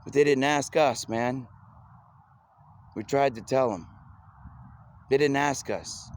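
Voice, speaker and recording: A man's voice: mid-range voice, slow pace. Rambling man talking outdoors, noisy. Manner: rambling, excitable, repeats himself. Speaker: video blogger.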